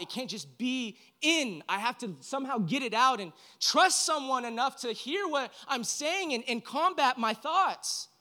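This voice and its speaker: A man preaching an earnest, emotional sermon to a room, often repeating himself and swinging between loud and quiet. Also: sits high. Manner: earnest, emotional, varies loudness widely, repeats words. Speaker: pastor. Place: room with an audience.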